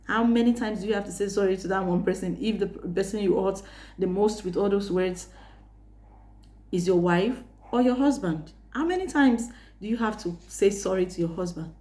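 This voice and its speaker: A woman hosting a faith-based self-help talk, teaching earnestly, asking rhetorical questions and quoting Bible verses with small pauses. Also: mid-range voice, dark tone. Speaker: host giving life advice.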